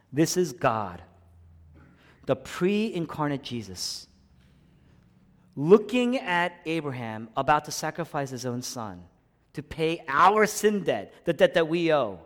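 A man preaching a sermon, swinging from hushed, quiet lines to loud, impassioned ones and repeating phrases for emphasis. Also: mid-range voice, sing-song, a little slow, big-room sound.

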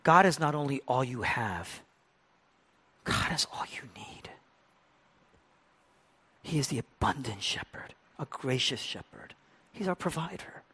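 Preaching with a medium-pitched voice that has a breathy edge, a pastor moves through his sermon in repeated rhetorical rhythms. Near-whispered moments give way to loud, passionate stretches.

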